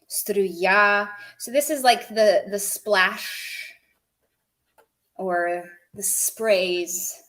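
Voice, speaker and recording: Slow-paced woman teaching a language lesson. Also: medium pitch, fairly bright tone, low-quality recording. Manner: explains word by word, chatty asides to viewers. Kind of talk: live-stream language lesson.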